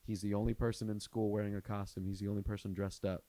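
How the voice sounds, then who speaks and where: A man quoting his flustered wife as she rushes in with bad news, in a hurried, alarmed voice close to his own. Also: fairly low pitch, level tone, warm tone, no echo, lightly acted.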